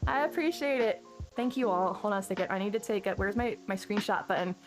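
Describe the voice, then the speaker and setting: Speaking quickly in a mid-range voice, a woman chats casually on her live stream with music in the background. She pours out effusive thanks to viewers, rambling and starting over again and again.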